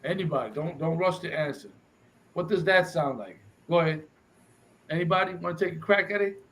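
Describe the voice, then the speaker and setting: A man teaching a class, reading passages aloud and restating them forcefully in English and Spanish. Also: on the high side, brisk, a little hiss or hum, poor audio. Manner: preachy, reads text aloud and restates it, switches between English and Spanish.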